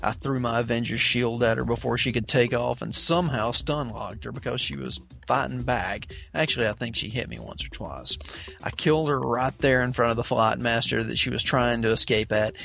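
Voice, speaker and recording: A man's voice: medium pitch, fairly quick, vocal fry, a bit bright, faint music behind. A man hosting a casual gaming podcast, reading a listener's story aloud and then chatting with laughing asides. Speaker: podcast host.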